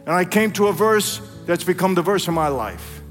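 A man preaches a personal testimony, his voice pitched high for a man. He tells his story dramatically, acting out voices and speaking straight to the congregation. The sound rings with a long reverb from a large hall, with faint music underneath. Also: lively intonation, moderate pace. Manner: dramatic storytelling, acts out dialogue, addresses crowd as "people". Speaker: guest speaker at a church. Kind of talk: testimony sermon.

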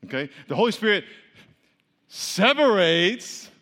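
A man preaching a lively, interactive sermon, playfully teasing the congregation and leading them in repeat-after-me chants. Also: sits high, unhurried. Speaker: pastor. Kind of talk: interactive sermon with call-and-response. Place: church hall. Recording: long hall reverb.

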